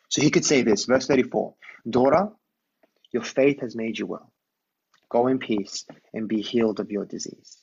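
A man's voice: medium pitch, creaky, slightly rough, dull audio. A man preaching a conversational sermon. He tells a Bible story and often asks his listeners to imagine the scene.

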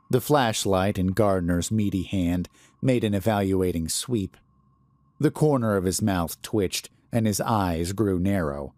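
Slow, low-voiced male horror narrator. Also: a little mellow, dry recording.

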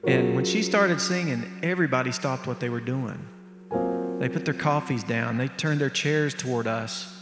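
A man's voice: mid-range voice, moderate pace, loud music behind the voice. A man preaching in a church, telling a story in a conversational, vivid way. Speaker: preacher and musician. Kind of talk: storytelling sermon. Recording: echoey hall, long reverb.

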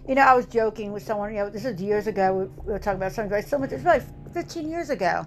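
A woman's voice: medium pitch, expressive, very fast, soft background music. A woman delivering an impassioned political monologue, emphatic and rousing, repeating lines for effect and dropping to a grave tone for warnings.

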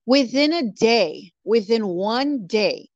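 A woman's voice: on the high side, animated, takes it slowly, no echo. A woman from California telling a story in casual chat, bluntly, with lots of swearing and "like" fillers. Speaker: guest. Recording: dull lo-fi dry audio.

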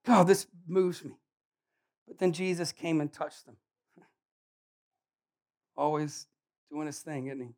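A man preaching a sermon in a casual, animated way, joking and acting out Bible characters. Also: fairly high pitch, takes it slowly, long pauses.

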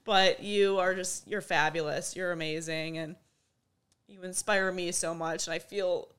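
A woman's voice: lowish voice, steady tone, a little slow, fairly bright tone, clean tone. A young woman hosting a podcast, supportive and affirming toward her guest in heartfelt talk. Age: young adult. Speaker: podcast host. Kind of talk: heartfelt conversation.

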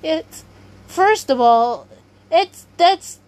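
A woman's voice: high voice, expressive, extremely slow, darkish tone. A woman hosting a podcast, rambling in casual commentary, often stopping herself mid-sentence and laughing. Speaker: podcast host.

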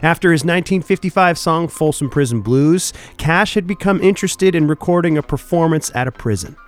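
A younger man hosting a country music radio show, chatting in a relaxed, folksy way with filler words. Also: a little high, brisk. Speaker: radio host. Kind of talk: casual radio show chat.

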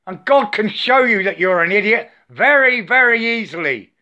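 An older man with a high-pitched, lively voice and a sharp tone rants angrily to the camera at a moderate pace, swearing, preaching and repeating himself. He says "I" where he means "my." The recording sounds dull and lo-fi.

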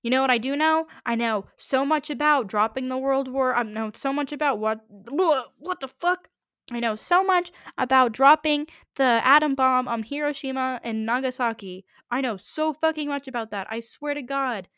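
A teenage girl hosting a solo podcast, ranting quickly and in exasperation, with many asides. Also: high-pitched, a bit bright, smooth, no echo, clean studio sound. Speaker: podcast host.

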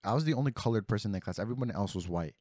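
A young man with a low, deep voice tells a rambling, profane story to his friends. He talks casually and drops "bro" into almost every sentence. The recording is dry and close. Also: expressive, racing, dark tone, dry recording. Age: young adult.

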